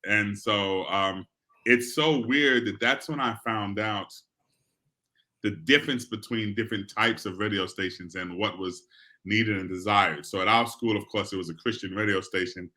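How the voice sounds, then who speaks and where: A man with a South Bronx New York accent, hosting a casual interview and telling stories in an animated way. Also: on the low side, normal speed. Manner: animated, storytelling.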